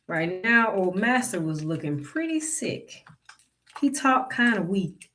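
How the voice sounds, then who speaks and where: A storyteller reading a folktale aloud in a relaxed, folksy and wry way, then adding a casual sign-off as host of their own show. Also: medium pitch, a little slow, far from the mic, slight background noise. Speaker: narrator and podcast host.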